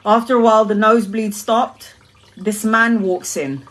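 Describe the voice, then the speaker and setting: A Brazilian tarot reader tells a story on a live stream, laughing and swearing in a lively way. Her voice is on the high side and her speed is normal.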